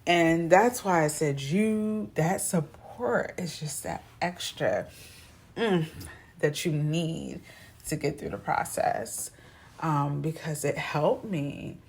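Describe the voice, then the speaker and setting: Low-voiced woman telling a story. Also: slow. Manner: chatty, animated, acts out quoted voices. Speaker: vlogger. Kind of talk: casual storytelling to camera.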